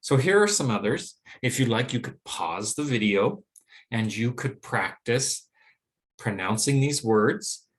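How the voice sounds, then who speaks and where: A man teaching English pronunciation in a recorded lesson, explaining clearly and saying example words slowly and deliberately. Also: medium pitch, animated.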